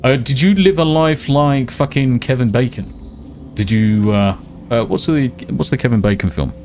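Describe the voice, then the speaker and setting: A man's voice: mid-range voice, moderate pace, a little mellow, faint music behind. A British man streaming a game, ranting and swearing freely in casual chat. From Britain. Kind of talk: casual live-stream chat while gaming.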